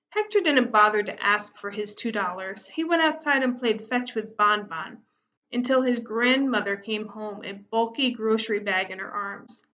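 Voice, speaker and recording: Woman teacher, class read-aloud, steady expressive narration; higher voice, dull lo-fi recording. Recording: muffled lo-fi recording.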